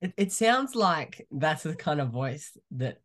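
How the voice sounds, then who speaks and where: A man co-hosting a casual movie podcast, animated and talkative, laughing often and restarting his sentences as he rambles through his picks. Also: fairly high pitch, unhurried. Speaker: podcast co-host.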